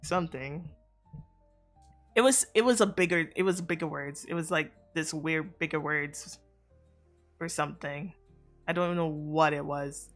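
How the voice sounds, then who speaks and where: A woman's voice: low voice, a little slow, long pauses. A woman streamer telling a casual, rambling story to her chat, full of fillers, restarts and the odd swear word. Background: faint background music.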